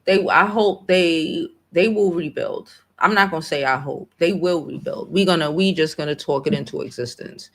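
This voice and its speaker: A woman's voice: deep voice, normal speed, few pauses. A woman hosting a casual livestream, talking emotionally and emphatically, swearing freely and repeating hopeful affirmations over and over. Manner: emotional and heartfelt. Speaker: livestream host.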